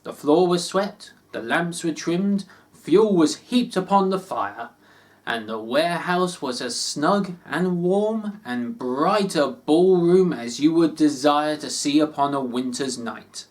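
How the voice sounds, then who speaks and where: A man reading a classic story aloud, expressive and unhurried. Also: on the high side. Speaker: reader.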